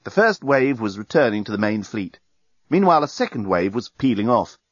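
Expressive male storyteller, dry muffled sound. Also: lowish voice, a little fast, no room sound. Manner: lively, expressive reading. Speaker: narrator. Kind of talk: audiobook narration.

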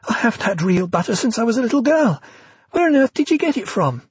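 Give me a man reading an earnest young woman for an audiobook, breathy and high. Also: very animated, moderate pace, a little mellow, no room sound, full character voice. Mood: eager.

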